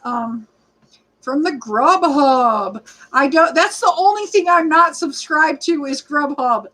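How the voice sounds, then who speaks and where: Chatty high-voiced woman in her forties. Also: lively intonation, slow, pushed and bright, low-quality recording. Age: 40s. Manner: rambling, chatty, greets viewers by name, frequent fillers. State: short of breath at times. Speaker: livestreaming rideshare vlogger. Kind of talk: casual livestream chat reading comments.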